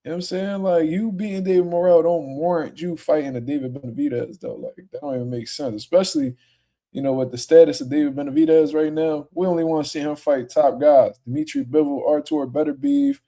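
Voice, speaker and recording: A man's voice: fairly high pitch, a little fast, mellow. A young man hosting a casual livestream, reading viewer comments and answering them in a profane, laid-back way that turns heated. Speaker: livestream host.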